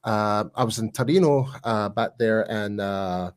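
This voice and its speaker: A Glaswegian man from Scotland, a podcast guest, chats casually with many fillers and restarts. His voice is fairly low, clear, and resonant, at a measured pace.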